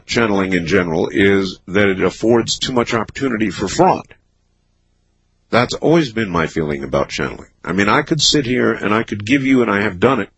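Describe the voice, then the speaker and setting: Husky low-voiced male radio host. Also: a bit bright, poor audio. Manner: dry, skeptical, measured. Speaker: radio talk show host. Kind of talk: late-night call-in radio. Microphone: studio microphone.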